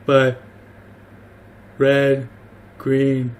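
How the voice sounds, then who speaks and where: A man runs a tabletop game as game master. He talks slowly and hesitantly, with plenty of ums as he works out rulings. His pitch sits in the middle of a man's range. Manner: hesitant, full of ums and rethinking.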